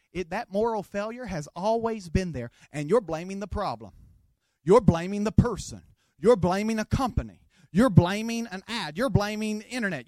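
A man's voice: high-pitched, no room sound. A man from the Southern United States, with a Southern accent, preaching an emphatic, joking sermon full of repeated phrases.

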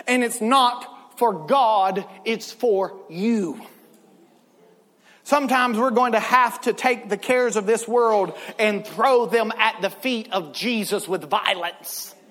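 A man preaching a sermon, telling stories with lively swings into loud shouts. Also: high-pitched. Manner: animated storytelling, bursts into loud shouts. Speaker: pastor. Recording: long hall reverb.

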